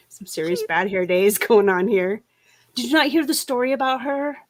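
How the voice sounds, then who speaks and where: A woman's voice: a little high, lively intonation, normal speed. Chatty middle-aged woman hosting a livestream. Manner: chatty storyteller, laughs often, many restarts. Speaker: livestream host. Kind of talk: casual livestream chat.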